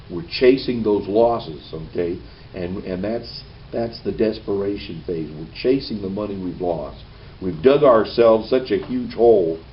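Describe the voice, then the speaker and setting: A man's voice: lowish voice, distant mic. Man giving a folksy training talk. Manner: folksy, checks in with okay after each point. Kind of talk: training presentation. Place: meeting room. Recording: dull lo-fi camera audio with faint hiss.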